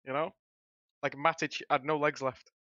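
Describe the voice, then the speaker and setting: A man's voice: fairly high pitch, level tone, normal speed, pushed and bright, no room sound, highs cut off. A man on a football panel who argues his point in an earnest, reasoned way. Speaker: panel guest. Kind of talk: casual chat.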